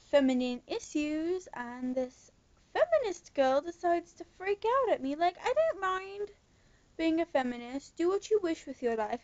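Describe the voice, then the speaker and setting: A young woman with a high voice puts on a British accent and rants in a sarcastic, casual vlog. She takes her time, stretching her words out slowly. She records from her bedroom, and the sound is dull and lo-fi with no room echo. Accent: put-on British. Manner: sarcastic, ranting. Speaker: vlogger.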